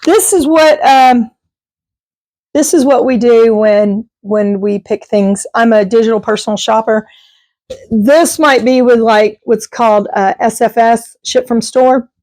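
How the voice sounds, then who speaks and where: A middle-aged woman talks to her viewers in a loose, rambling way, laughing now and then. Her voice sits fairly high, and the recording is dry, with no room sound. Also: steady tone, unhurried, a little mellow, no room sound. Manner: rambling, chatty, laughs often. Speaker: vlogger. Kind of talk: casual chat.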